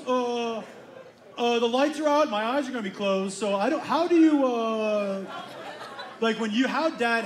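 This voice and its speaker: A man doing stand-up comedy, telling an animated story and playing both sides of the dialogue. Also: extremely high pitch, a little hiss or hum. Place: comedy club stage with live audience. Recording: live club room echo with crowd laughter.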